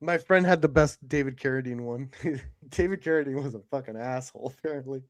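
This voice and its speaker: A man co-hosting a livestream chat who drops in wry, quick jokes. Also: mid-range voice, dry recording, clean studio sound. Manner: wry, quick joking interjections. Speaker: podcast co-host.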